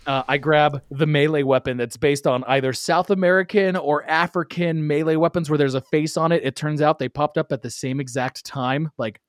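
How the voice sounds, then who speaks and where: A man's voice: a little high, normal speed, few pauses, dry recording, clean studio sound. Man telling a rowdy story. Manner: animated, laughs often. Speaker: guest storyteller. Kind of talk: casual storytelling.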